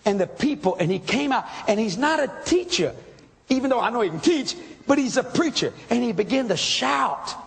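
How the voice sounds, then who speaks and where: A man preaching a testimony sermon, telling his story with excitable emphasis and sudden shouts. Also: very high voice, moderate pace, gravelly, long reverb tail.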